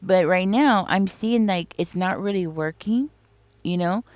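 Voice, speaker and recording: This tarot reader speaks without hurry in a mid-range, darkish voice, recorded dry. Her casual reading is rambling and confiding, addressed directly to the listener and full of "like" and "you know."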